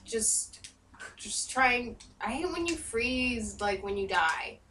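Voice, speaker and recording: A woman's voice: a little high, animated, slow pace, sharp tone, reverberant, slight background noise. A woman co-hosting a let's play in casual chat, exclaiming at the game and teasing her partner with exasperation. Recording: distant mic.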